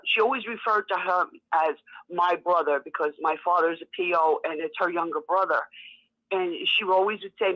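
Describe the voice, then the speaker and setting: A fairly low-pitched woman with a New York accent phones in to a talk show and chats through a story at normal speed. The call comes through a muffled telephone line.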